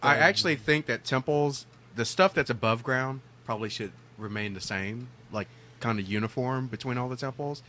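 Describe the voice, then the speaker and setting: A man co-hosting a casual gaming podcast, teasing the others and thinking out loud with restarts. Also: mid-range voice, normal speed, few pauses, a little hiss or hum. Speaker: podcast co-host. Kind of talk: casual chat.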